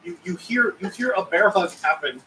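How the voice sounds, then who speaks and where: A man's voice: high voice, expressive, normal speed, far from the mic, a crowd in the background, low-quality recording. A man narrating as game master, rambling and searching for words.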